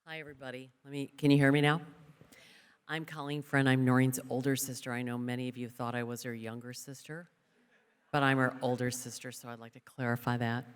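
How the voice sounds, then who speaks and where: A woman's voice: rumbling low, level tone, brisk, clean tone. A woman giving an award acceptance speech in a large event hall, chatty and joking, with fillers. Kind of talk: ceremony speech. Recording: long hall reverb.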